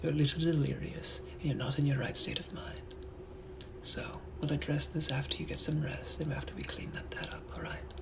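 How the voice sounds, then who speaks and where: A suave, menacing Victorian gentleman butler with a put-on British accent, as a man puts him on in whispered role-play. His voice sits a touch high for a man and comes hushed and silky, each word slow and deliberate. A steady hiss of noise runs under the recording. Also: vocal fry. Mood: soothing. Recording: noisy background hiss.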